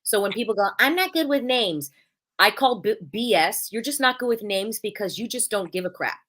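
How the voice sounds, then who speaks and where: A woman hosting a casual live podcast, talking at an ordinary middle pitch. She is blunt and animated, hammering her points home and acting out quick little exchanges with other people. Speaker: podcast host.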